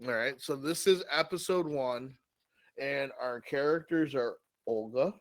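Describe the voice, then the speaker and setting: A man's voice: medium pitch, measured pace, dry recording. A man co-hosting a comedy podcast, improvising a crude story with plenty of swearing. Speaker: co-host.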